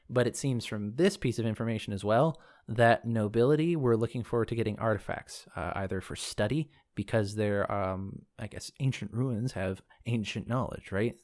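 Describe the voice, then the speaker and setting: Man, middle pitch, casual lore commentary, reads from a book, thinks aloud, drifts into asides. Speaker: podcast host discussing game lore.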